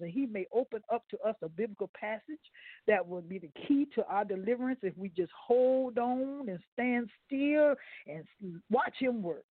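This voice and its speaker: A man's voice: very high voice, no echo. A man giving a folksy radio sermon as a guest preacher, stumbling over words now and then and talking straight to his listeners. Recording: phone-line audio, dry.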